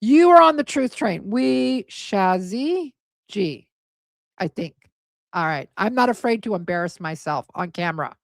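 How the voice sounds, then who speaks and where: Tired, hoarse woman livestream host. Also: fairly low pitch, big pitch swings, fairly quick, no room sound, clean studio sound. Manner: emotional, gushing, stumbles over names. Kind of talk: casual livestream chat thanking donors.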